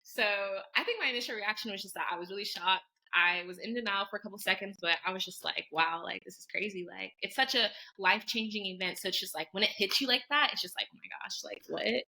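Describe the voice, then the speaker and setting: Fast-talking bright young woman storyteller. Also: mid-range voice, low-quality recording. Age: 20s. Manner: animated, heavy use of "like", acts out quoted voices. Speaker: podcast guest. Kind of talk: casual storytelling chat.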